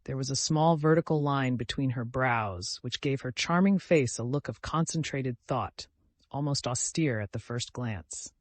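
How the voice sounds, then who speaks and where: A man narrating a classic novel as an audiobook, reading in a measured storytelling manner and lightly voicing the characters. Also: medium pitch, no room sound. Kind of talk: scripted narration.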